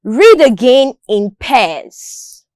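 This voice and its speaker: Slow, lively female teacher. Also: a little high, dry recording. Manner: slow, carefully enunciated drills. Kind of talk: school lesson narration.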